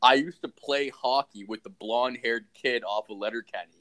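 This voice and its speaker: A man's voice: medium pitch, moderate pace, a bit bright. Swearing, rambling young man from rural Ontario. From rural Ontario, Canada. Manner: rambling, heavy swearing, laid-back storytelling. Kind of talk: casual chat.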